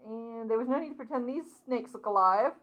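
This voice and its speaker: A woman's voice: on the high side, fairly quick, a bit bright, lo-fi sound. A woman in a casual book club chat, retelling scenes and laughing often.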